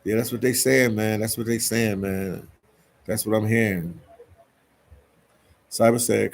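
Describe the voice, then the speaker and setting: This Philadelphia man, hosting a laid-back live stream, works through viewer comments and keeps adding "man" to what he says. His lowish voice is creaky and a little slow, fairly even in intonation, and he pauses often.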